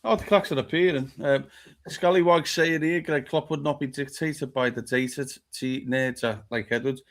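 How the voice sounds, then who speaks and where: A man's voice: mid-range voice, fairly even intonation, moderate pace. A blunt, foul-mouthed man hosts a live fan talk show. He chats casually and reads viewer comments aloud, his voice sitting in a middling register.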